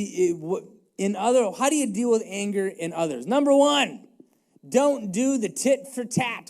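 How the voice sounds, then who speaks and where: Man, pastor, casual sermon, higher voice, mellow tone, self-deprecating, emphatic catchphrases. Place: church sanctuary.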